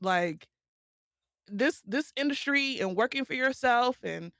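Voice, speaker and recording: A woman's voice: high-pitched, expressive, moderate pace, a bit bright, no room sound, studio quality. A woman streamer, talking tearfully and affectionately to her friends in casual chat.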